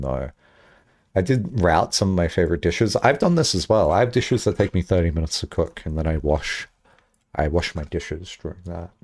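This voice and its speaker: A young man streaming and chatting casually, rambling and self-mocking, with high squeaky bursts when he acts out his own lines. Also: a little mellow.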